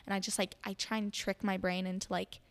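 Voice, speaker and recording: A teenage girl chatting as a podcast guest, telling stories in a lively way with many fillers. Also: mid-range voice, a little fast. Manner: chatty storytelling full of "like" fillers. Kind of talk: casual chat.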